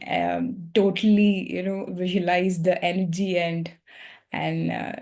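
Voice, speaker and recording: A woman's voice: on the low side, a little mellow. A woman politely moderating an online meeting, hesitant with many fillers.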